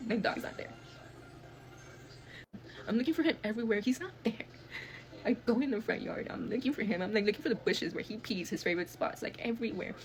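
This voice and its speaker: A young woman telling a personal story in a storytime clip, emotional and profane, acting out what people said. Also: a little high. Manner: fast, emotional, profane retelling with acted quotes. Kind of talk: storytime video.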